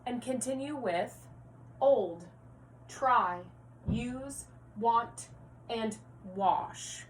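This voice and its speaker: A woman first-grade teacher leads a reading lesson at a slow, patient pace, spelling words out letter by letter. Her fairly high voice sounds set back from the microphone. A faint hum runs under it. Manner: slow, clear, encouraging classroom delivery, spelling words out letter by letter. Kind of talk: recorded reading lesson for young children. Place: home, near her rocking chair. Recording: distant mic with faint hum.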